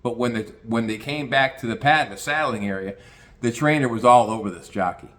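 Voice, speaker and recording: A man's voice: medium pitch, a little fast, fairly bright tone. A man telling a rambling, profane anecdote in a casual conversational way. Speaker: storyteller.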